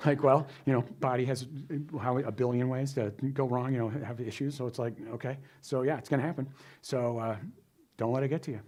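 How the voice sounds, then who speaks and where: A man's voice: mid-range voice, fast talker, a little mellow. A man answering audience questions after a philosophy talk, casual and self-deprecating, often acting out quoted voices. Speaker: guest speaker, philosophy teacher. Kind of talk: lecture Q&A, casual and animated.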